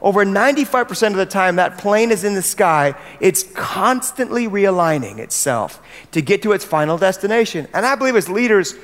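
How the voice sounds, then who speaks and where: A high-pitched American man preaches to fellow church leaders in an earnest, emphatic way, often putting questions to the room. His voice rings out with a long echo through a large hall. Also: a bit bright. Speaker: pastor addressing church leaders. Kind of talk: sermon.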